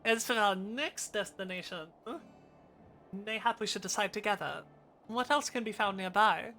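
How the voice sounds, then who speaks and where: Brief: streamer as a measured, formal officer, bright tone. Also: mid-range voice, faint music behind. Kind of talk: reading game dialogue aloud.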